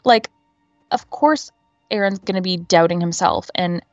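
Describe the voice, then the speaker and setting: A woman with a lowish voice co-hosts a podcast in a chatty, filler-heavy recap. Her recording sounds dull and lo-fi. There is no room echo at all. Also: measured pace, soft background music. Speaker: podcast co-host. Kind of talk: casual episode recap.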